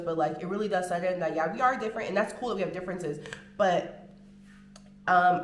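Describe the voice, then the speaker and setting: An American woman vlogging in casual chat to the camera, animated and full of drawn-out filler words. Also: fairly low pitch, slight background noise. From United States. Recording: roomy home room echo.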